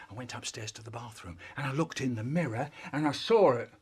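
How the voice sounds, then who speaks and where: A man telling a comic childhood story in a theatrical, drawn-out, expressive way. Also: medium pitch, breathy edge.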